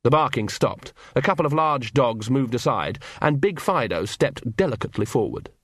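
Guy narrating an audiobook, wry measured tone, mid pitch, dry close sound. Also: big pitch swings, fairly bright tone, husky, no echo. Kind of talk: scripted narration.

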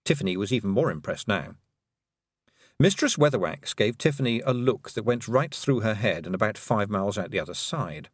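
A man narrating a storybook with a lively, swooping delivery. His voice sits at a middle pitch and comes across close and dry, with no room sound. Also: brisk, no echo. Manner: animated storytelling. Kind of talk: audiobook narration.

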